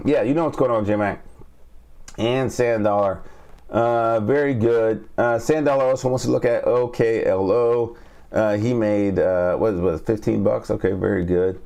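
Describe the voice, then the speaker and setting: A man's voice: on the low side, unhurried, vocal fry, warm tone. Man coaching trading live, checking in constantly. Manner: checks in with "all right?" and "okay?" after each point; repeats key points. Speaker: trading coach and stream host. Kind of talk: live-streamed trading lesson.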